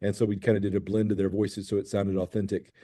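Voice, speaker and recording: Low, mellow-voiced man telling stories. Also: flat delivery, fast talker. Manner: enthusiastic storytelling with many restarts. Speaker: film director and producer, guest. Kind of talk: interview chat.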